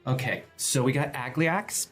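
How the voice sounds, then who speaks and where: A man's voice: mid-range voice, a little slow, soft background music. Man player summing things up. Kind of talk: casual roleplay.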